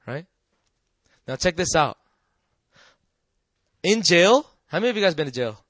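A man giving a personal testimony to an audience, telling his story earnestly and often checking in with the listeners, sometimes dropping soft and quiet. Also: on the high side, big pitch swings, unhurried, pauses often, no echo. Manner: earnest and emotional, drops soft and quiet at tender moments. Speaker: speaker sharing a personal testimony.

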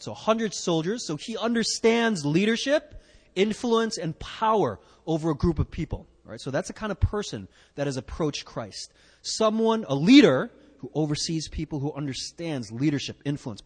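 Lively high-voiced male preacher. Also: breathy edge, big-room sound. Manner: emphatic, asks the listeners "right?"; rhetorical questions, repeats key words. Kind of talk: sermon, Bible teaching.

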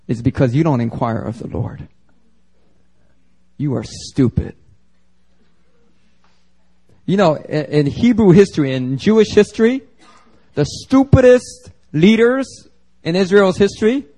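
A pastor from Philadelphia preaching a sermon to a congregation, emphatic and conversational, with slangy asides. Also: male voice, a little high, dark tone. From Philadelphia, United States. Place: church service before a congregation.

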